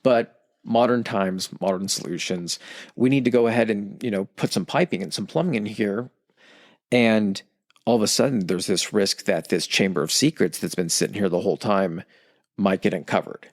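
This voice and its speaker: A man's voice: lowish voice, normal speed, dry recording, studio quality. A man co-hosting a podcast in casual chat, rambling and profane, sometimes acting out quoted voices. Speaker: podcast co-host explaining history.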